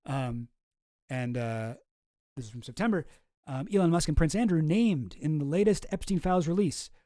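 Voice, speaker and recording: Sweary rambling guy streaming, kinda high voice, mellow, dry close sound. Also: no echo. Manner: rambling, profane, sarcastic. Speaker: streamer host. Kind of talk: casual commentary stream.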